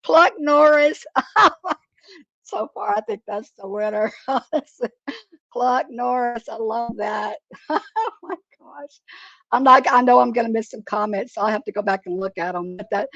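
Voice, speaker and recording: A woman's voice: fairly high pitch, creaky, no room sound, dull audio. A middle-aged woman chats and laughs often while she sculpts and paints on a live stream from her craft table at home. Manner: chatty and rambling, laughs often. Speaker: craft presenter.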